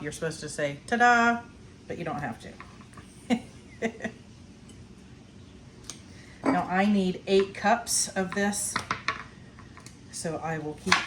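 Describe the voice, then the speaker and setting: A woman's voice: lowish voice, background noise. Chatty woman showing kitchen work. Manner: chatty, laughs often, talks while snacking. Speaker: homestead vlogger. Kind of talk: casual cooking demonstration. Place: home kitchen.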